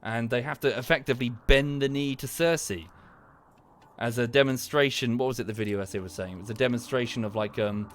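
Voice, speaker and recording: A man's voice: mid-range voice, brisk, slight background noise. A man, streaming from home and ranting about a TV series in a casual, rambling way, swearing, trailing off and restarting his sentences. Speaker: livestreamer. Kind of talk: casual livestream rant.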